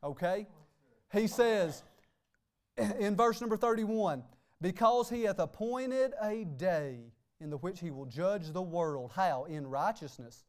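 A man's voice: high voice, lively intonation, slow, darkish tone, smooth. A man preaching a sermon as pastor, emphatic and repeating "hey" and "okay" between phrases. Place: church sanctuary.

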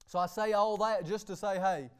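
A man's voice: high-pitched, normal speed, clean tone. A man preaching a sermon as pastor, emphatic and repeating "hey" and "okay" between phrases. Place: church sanctuary.

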